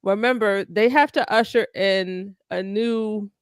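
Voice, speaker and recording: A woman's voice: medium pitch, unhurried, smooth, dry recording, studio quality. A woman co-hosting a casual group chat, rambling and trailing off mid-thought.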